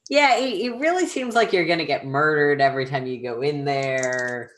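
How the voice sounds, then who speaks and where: Very low-voiced woman player. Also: animated, moderate pace. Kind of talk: casual game chat.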